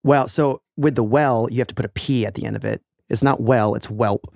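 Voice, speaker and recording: Co-host, man, Michigan accent, laid-back teasing, gravelly tone. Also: medium pitch, fairly even intonation, a little fast, darkish tone, dry recording, studio quality. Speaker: podcast co-host. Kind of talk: casual chat.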